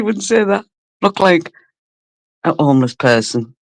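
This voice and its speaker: A woman's voice: expressive, normal speed, no room sound. Chatty, blunt woman. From Cumbria, England. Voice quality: low, rough voice she calls mannish. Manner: chatty and blunt, swears, laughs often. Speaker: livestream host. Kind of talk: casual live-stream chat, greeting viewers.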